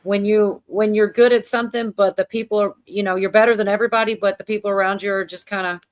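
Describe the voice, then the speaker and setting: A woman's voice: mid-range voice, steady tone, fast. Woman, livestream host, chatty, casual talk. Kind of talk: casual chat.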